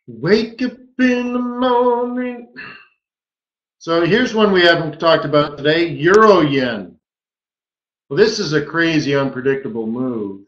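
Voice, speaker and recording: Hosting a live forex webinar, a man with a bright, mid-range voice walks through the charts with playful exclamations. The sound is roomy and a bit dull, typical of webinar audio.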